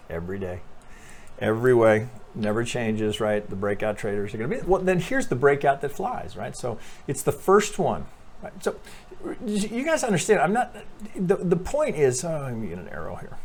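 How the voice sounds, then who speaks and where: A man giving a casual chart walkthrough as a trading analyst, talking animatedly, swearing freely and thinking out loud with lots of restarts. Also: mid-range voice, sing-song, normal speed.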